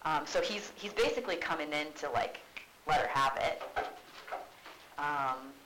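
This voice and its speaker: A woman's voice: low-pitched, unhurried, background noise. Teacher woman in an echoey classroom. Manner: paraphrases lines in casual modern speech. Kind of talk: classroom lesson.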